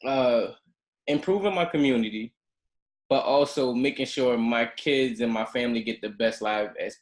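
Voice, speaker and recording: A man hosting a podcast, asking his guest a question in a halting way with many restarts. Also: mid-range voice. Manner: halting, full of restarts and uh fillers. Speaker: podcast host. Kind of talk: casual interview chat. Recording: echoey room.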